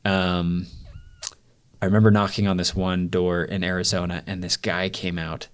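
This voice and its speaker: A man's voice: low-pitched, flat delivery, moderate pace, clean tone. A young man, a podcast guest, telling a personal story in a loose, rambling way full of "like" fillers. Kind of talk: storytelling in a casual interview.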